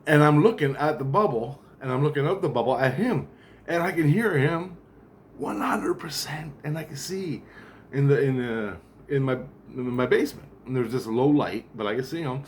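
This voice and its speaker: A man's voice: medium pitch, normal speed, slight background noise. A man talking straight to the camera in a rambling, profane monologue that keeps doubling back and repeating itself. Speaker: vlogger.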